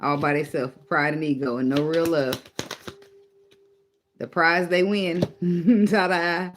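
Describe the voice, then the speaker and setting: A man's voice: on the high side, slow, a little hiss or hum. A man giving a casual spoken tarot reading, blunt and profane, teasing and laughing often as he goes. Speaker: tarot reader.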